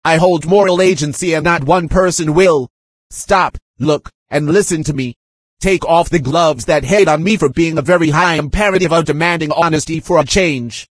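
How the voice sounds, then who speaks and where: A man reading a written message aloud in an aggrieved, insistent tone, speaking punctuation marks and spellings out loud like dictation. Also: fairly high pitch, moderate pace, slightly rough, dry recording.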